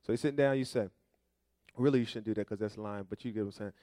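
A man's voice: lowish voice, quick pace, mellow, no echo, studio quality. A man pastor preaching a sermon, with call-and-response questions to the congregation and folksy, conversational storytelling.

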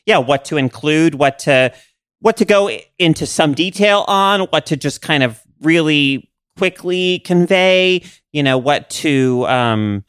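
A man talking casually on a podcast, halting, with many restarts and fillers. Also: medium pitch, fairly bright tone, clean tone, no room sound, clean studio sound.

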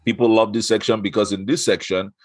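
A man runs his podcast with a low voice and a dry, close sound. He is playful and animated, and he drops into quick asides. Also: no room sound. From Nigeria. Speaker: podcast host. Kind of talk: casual podcast chat.

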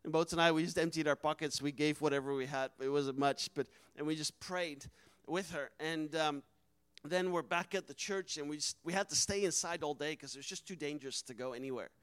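A man's voice: on the high side, fairly quick, fairly bright tone, clear, resonant tone, no echo, low-quality recording. A man, a missionary, telling a personal testimony with earnest emotion and acting out the quoted dialogue. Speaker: missionary speaker.

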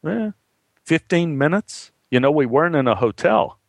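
A man voicing a blunt, gruff old man who swears casually as he recalls hard times. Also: a little high, sing-song, moderate pace, dry recording. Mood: reminiscing.

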